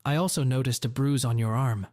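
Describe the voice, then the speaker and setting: A man's voice: mid-range voice, brisk, a little mellow, dry recording, clean studio sound, natural voice. A man voicing a blunt, confrontational middle-aged father in a story reading. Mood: angry.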